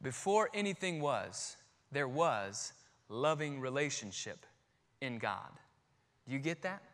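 A man in his thirties, a pastor preaching a sermon, swinging from quiet, slow emphasis to near-shouting. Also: mid-range voice, sing-song.

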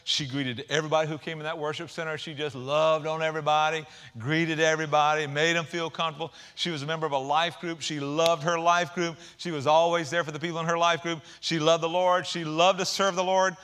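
Bright, animated male pastor preaching. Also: on the high side, a little fast, few pauses, clean tone. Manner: animated preaching with folksy asides and rising emphasis. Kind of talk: sermon.

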